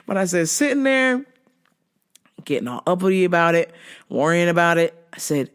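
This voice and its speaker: A man's voice: sits high, sing-song, moderate pace, long pauses, a bit bright, clean tone. A man hosting a podcast, telling stories casually, swearing freely and laughing at his own jokes. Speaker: podcast host. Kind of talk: casual storytelling monologue.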